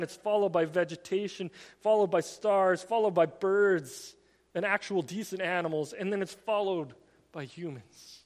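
An earnest male preacher with a high, light voice delivers a sermon, leaning hard on certain phrases by slowing right down. His words ring out with a long hall echo around them. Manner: earnest, emphatic preaching with slowed stressed phrases and repetitions.

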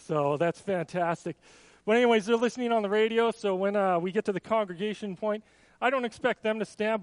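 Chatty pastor guy, kinda high voice, keeps restarting, dry close sound. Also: no room sound. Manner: casual and chatty, with many restarts. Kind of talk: church service announcements and baby dedication.

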